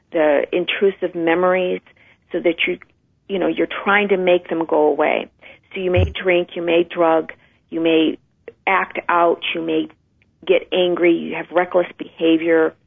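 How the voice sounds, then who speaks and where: A woman's voice: on the low side, vocal fry, slightly rough. A woman guest explaining how trauma passes down through generations, in an earnest, emphatic way. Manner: earnest, emphatic, acts out inner voices. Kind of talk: conversational explanation. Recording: tinny phone line.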